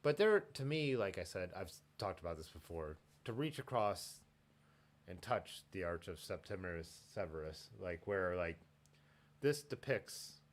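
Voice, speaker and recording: A man hosting a live stream in casual chat, excitable and jumping between topics, laughing often. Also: deep voice, unhurried. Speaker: livestream host.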